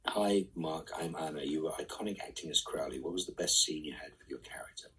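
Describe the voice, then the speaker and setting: A man reading fan questions aloud and answering them casually in a live online Q&A, often trailing off into soft asides. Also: a bass voice, a little fast, breathy edge, recorded from a distance, low-quality recording.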